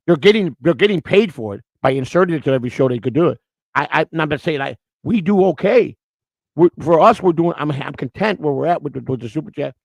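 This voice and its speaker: Gravelly-voiced guy rambling on his live stream, blunt and crude, dry close mic. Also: a little high, expressive, fast, a little mellow, dry recording, low-quality recording. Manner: rambling, repeats words as he restarts. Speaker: live-stream morning show host. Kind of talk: unscripted live-stream chat.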